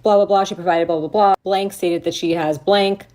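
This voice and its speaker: A woman's voice: mid-range voice, steady tone, normal speed, mellow. A woman co-hosting a talk show, reading a redacted report aloud and breaking off with sarcastic, indignant commentary and swearing. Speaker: podcast co-host.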